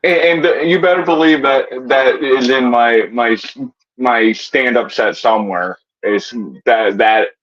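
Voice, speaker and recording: A man's voice: medium pitch, a little slow, a bit bright. A man from West Virginia, a guest comedian and wrestler, telling rambling stories in casual podcast chat with lots of stammered restarts. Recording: dull lo-fi audio.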